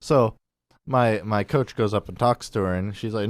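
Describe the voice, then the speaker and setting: A man's voice: fairly low pitch, normal speed, no room sound. A young man hosting a radio show, telling a story in casual chat and acting out other people's voices. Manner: laid-back storyteller who acts out other voices. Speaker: radio host.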